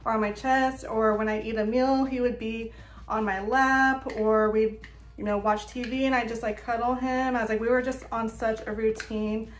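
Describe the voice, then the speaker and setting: A woman's voice: fairly high pitch, fairly even intonation, normal speed. A young woman talking casually to camera in a vlog, chatty and full of fillers. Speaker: vlogger. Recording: echoey room.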